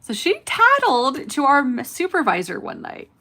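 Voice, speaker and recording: A woman's voice: high-pitched, wildly swooping pitch, moderate pace, pushed and bright. A woman in her thirties with a California accent and a faint Southern lilt, chatting and smiling as she hosts a nail-art livestream and talks to viewers. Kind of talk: casual chat while doing nails.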